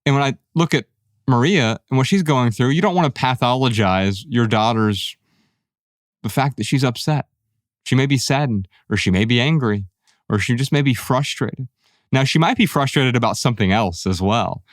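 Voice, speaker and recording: A man's voice: mid-range voice, expressive, moderate pace, dry recording, clean studio sound. A man co-hosting a podcast, speaking reflectively and telling personal stories while acting out quoted lines. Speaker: podcast co-host. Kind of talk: conversational podcast discussion.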